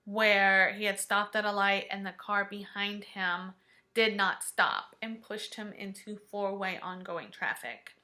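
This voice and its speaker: A woman vlogger shares a personal story in an emotional, halting way, now and then dropping to a hush. Her voice is mid-range.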